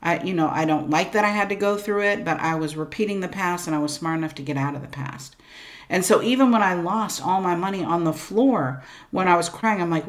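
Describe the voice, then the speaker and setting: A woman guest in an interview, an entrepreneur and speaker, talking about her life in an emphatic, expressive way with many asides of "like" and "right?". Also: lowish voice, brisk. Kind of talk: candid interview storytelling.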